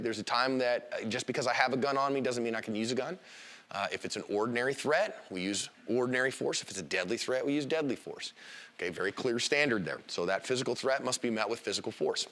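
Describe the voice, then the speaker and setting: A middle-aged man teaching a self-defense class in a joking, animated way, often acting out voices. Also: medium pitch. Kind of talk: live classroom lecture.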